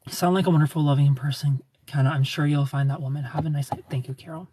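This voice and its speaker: Husky-voiced man chatting on a livestream. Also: a little high, steady tone, quick pace, dark tone. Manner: chatty, gives frank relationship advice to viewers by name. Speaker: livestream host answering viewer comments. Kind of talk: casual livestream chat.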